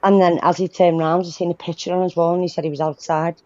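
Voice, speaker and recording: A woman's voice: on the low side, level tone, quick pace, a little mellow, dry recording. A woman chatting on a livestream video call from her phone, swearing freely and telling stories. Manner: swears freely, tells stories with quoted voices. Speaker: livestream co-host. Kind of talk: casual banter on a group video call. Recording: dry, dull phone-call audio.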